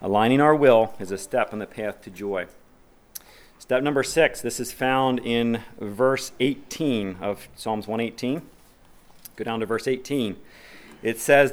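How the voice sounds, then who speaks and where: A male pastor gives a sermon in an unhurried, mid-range voice, shifting between plain conversational asides and raised, emphatic scripture reading that builds in intensity. He poses questions to the congregation and answers them himself.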